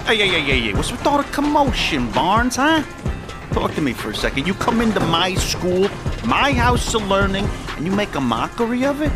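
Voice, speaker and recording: Mob-boss principal, played by a man, sarcastic and menacing, lively swoops, music underneath. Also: high voice, normal speed. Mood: sarcastic menace. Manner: sarcastic, threatening. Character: menacing mobster-like male school principal.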